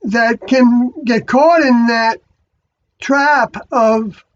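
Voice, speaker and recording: A speaker giving a rambling spiritual monologue, halting and often stopping to correct themself. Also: mid-range voice. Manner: halting, many fillers and restarts, self-correcting. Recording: dull lo-fi recording.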